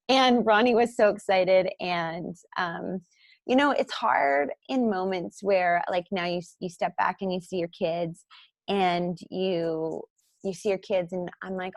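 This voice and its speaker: A woman in her thirties, a podcast guest and author, telling her story candidly with lots of "um" and "like", getting animated as she acts out what people said. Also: moderate pace, dry recording, studio quality. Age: 30s. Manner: chatty, frequent fillers like "um" and "like"; animated when acting out quotes, jumps high and loud.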